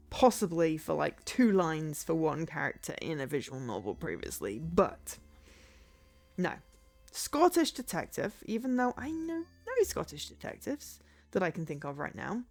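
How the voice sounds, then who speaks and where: A woman streamer chats casually while she plays, rambling from one thought to the next and laughing often. Her pitch moves around a lot, and faint music plays behind her. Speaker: game streamer. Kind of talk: casual gameplay commentary.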